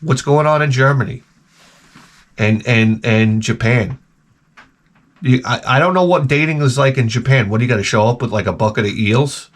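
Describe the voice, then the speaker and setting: Medium in pitch and moderate in pace, a retro game channel host tells rambling, funny stories on his own channel. He's animated and profane, swearing a lot and stammering as he restarts his sentences.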